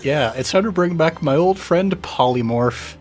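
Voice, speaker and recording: A man playing a tabletop game, calmly and in detail describing what his character does. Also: fairly high pitch, moderate pace, loud music behind the voice. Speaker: player. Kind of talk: casual tabletop game play.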